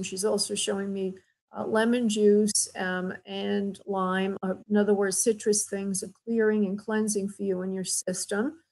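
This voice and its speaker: A woman hosts a call-in radio show as a spirit medium, speaking in a mid-range voice with vocal fry over poor audio. Her readings are tender and affectionate, and she addresses callers as honey and sweetheart.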